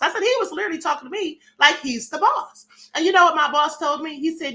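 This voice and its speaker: A middle-aged woman hosting a casual live stream, sassy and animated, acting out little dialogues and reading chat comments. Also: high voice, fast, few pauses.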